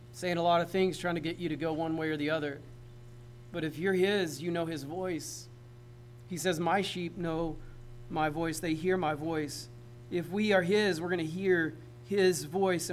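Speaking at a moderate pace in a steady tone, this pastor's slightly high voice addresses the congregation directly, often with questions, in a relaxed, conversational sermon. There's a touch of hiss or hum, and the recording quality is low.

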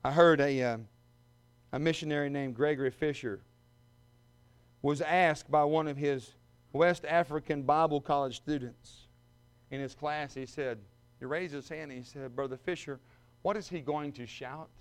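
A man preaching a sermon, reading scripture and calling his listeners friends, building from quiet storytelling up to shouted peaks. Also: fairly high pitch, normal speed, clean tone. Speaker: pastor.

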